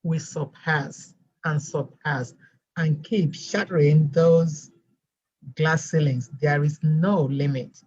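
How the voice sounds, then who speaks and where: A woman with a non-American English accent, telling her story as a guest teacher in a lively storytelling way. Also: deep voice, takes it slowly, slightly rough, lo-fi sound. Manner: animated storyteller, acts out quoted voices. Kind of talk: storytelling interview chat.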